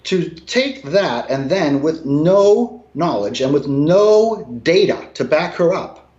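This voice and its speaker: A man in casual conversation from his apartment, talking emphatically, swinging between low mutters and raised, swearing outbursts. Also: expressive, slow pace, a little mellow. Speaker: guest. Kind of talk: casual video call conversation. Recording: roomy, dull lo-fi sound.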